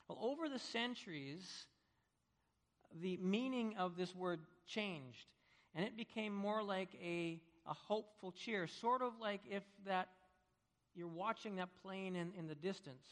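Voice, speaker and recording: A man preaching a sermon, telling vivid stories that swing between hushed and loud. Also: high-pitched, a little slow. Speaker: pastor. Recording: long reverb of a large hall.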